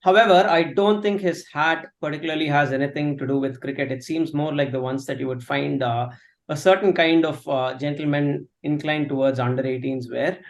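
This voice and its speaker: A man's voice: a little high, a little fast. A man co-hosting a casual chat, hesitant with many fillers and teasing drily. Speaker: podcast co-host.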